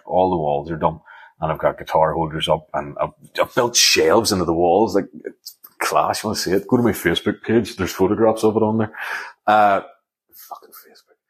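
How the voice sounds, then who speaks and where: Sweary man ranting. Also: low-pitched. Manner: rambling, sweary, sarcastic. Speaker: comedian podcast host. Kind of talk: solo comedic monologue.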